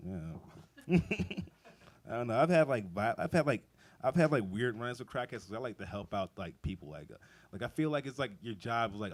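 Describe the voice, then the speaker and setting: A man's voice: fairly low pitch, animated, moderate pace. A young man doing a stand-up comedy set, telling rambling, profane stories and laughing often. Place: outdoor backyard show.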